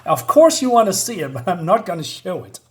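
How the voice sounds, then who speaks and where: Man, fairly high voice, hesitant, fillers, casual comic review. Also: big pitch swings, brisk. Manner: hesitant, many fillers, chuckling asides.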